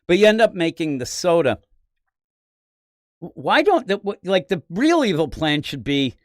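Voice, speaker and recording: A high-voiced man, the host of a comics podcast from the Philadelphia area, gives a rambling, opinionated preview of this week's comics. He speaks at a moderate pace, pauses often, and breaks into animated asides. The recording is dry and studio quality, and the tone is casual preview commentary.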